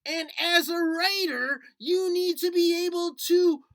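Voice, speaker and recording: A man's voice: extremely high pitch, steady tone, unhurried, a bit bright, pitched above the performer's own voice. A man voicing a small, fretful male puppet creature who holds a grudge, talking in a whiny, indignant sing-song. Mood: eager. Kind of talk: puppet skit in a lesson.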